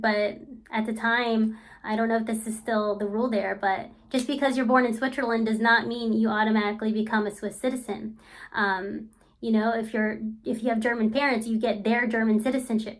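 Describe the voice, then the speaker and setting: A woman vlogger speaking in a casual, frank, rambling way, full of fillers like "um" and "you know.". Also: a little high. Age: adult. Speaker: language-learning vlogger. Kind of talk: casual chatty review.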